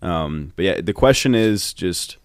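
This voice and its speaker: A young man with a notably deep voice talks sports in a laid-back, easy way. He chuckles now and then and lets his sentences fade off softly. The sound is dry and close to the mic. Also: a little slow, dry recording. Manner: relaxed, chuckles often, trails off quietly. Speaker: student sports podcast co-host. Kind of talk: casual sports chat.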